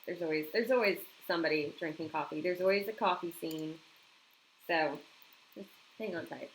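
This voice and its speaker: A woman's voice: on the low side, normal speed, slight background noise, poor audio. A woman chatting casually on a home live stream, reacting to viewer comments and laughing often.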